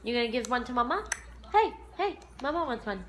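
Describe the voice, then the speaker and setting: A woman's voice: high-pitched, sing-song, fairly quick, background noise. A mother filming her baby on a phone camera, talking in cooing, sing-song baby talk with small gasps.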